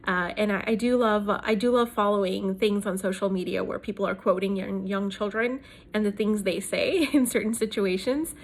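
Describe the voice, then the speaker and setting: A woman's voice: medium pitch, steady tone, normal speed. A woman in her thirties, from South Asia, talking casually about leadership in a thoughtful way, with many fillers and restarts. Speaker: host.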